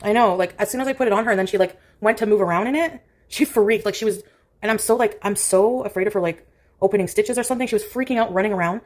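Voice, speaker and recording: A streamer chats casually on a livestream, rambling along and packing her speech with "like." Her voice is mid-range and quick, and she coos softly to her cat in baby talk.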